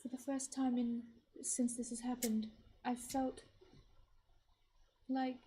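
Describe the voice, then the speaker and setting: A woman playing her character in a tabletop game, speaking softly, hesitantly and earnestly. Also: on the high side, level tone, slow pace, a little hiss or hum. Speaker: player. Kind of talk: in-character roleplay.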